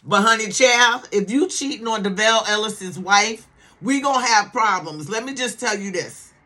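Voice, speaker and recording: A woman's voice: medium pitch, moderate pace, sharp tone. A woman giving casual commentary on a TV series. She talks in a sassy, emphatic way, repeats words for emphasis and keeps checking in with the listener. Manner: sassy, emphatic, keeps asking "okay?" for agreement. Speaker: TV series reviewer.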